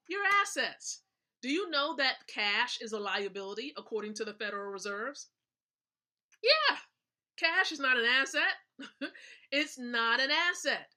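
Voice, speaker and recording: A woman's voice: on the high side, sharp tone. A woman hosting a live stream, giving a motivational business talk in an emphatic way, repeating her points and checking in with her listeners. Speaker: livestream host.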